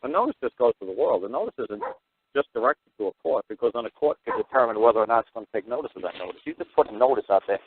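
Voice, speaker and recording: Fast-talking blunt man on talk radio. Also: medium pitch, husky, dry recording. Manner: blunt, profane, animated storyteller. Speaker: radio show host. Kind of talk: call-in radio talk, storytelling. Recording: tinny phone-line radio audio.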